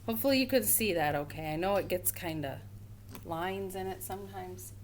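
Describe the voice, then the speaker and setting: A woman teaching a first grade phonics lesson, slowly sounding out words for young children. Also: fairly low pitch, background noise.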